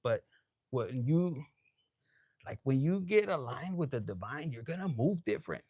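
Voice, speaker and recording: A man's voice: medium pitch, lively intonation, moderate pace, warm tone, husky, dry recording, studio quality. A man giving a casual live tarot reading, tipsy, loose and profane, dropping Spanish phrases. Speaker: tarot reader.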